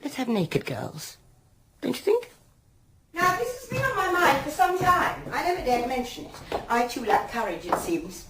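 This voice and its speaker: An actress playing a plucky, upper-class elderly widow who owns a theatre, speaking in a grand, coaxing and playful way, heard in a film clip. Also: female voice, high-pitched, wildly swooping pitch, normal speed, over a noisy crowd, full character voice, poor audio.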